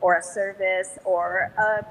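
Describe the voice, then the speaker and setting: A woman guest chatting casually in an interview, upbeat and quick to laugh. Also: mid-range voice, level tone, gravelly, a bit bright, rough recording. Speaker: guest, business developer.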